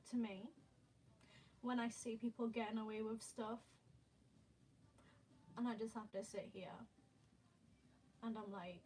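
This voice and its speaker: A young woman talks into her phone on a casual livestream, distraught and rambling between nervous laughs. Her voice sits on the higher side, and she drags her words out slowly. A faint hiss runs under the recording. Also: a little mellow, low-quality recording. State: emotionally distraught.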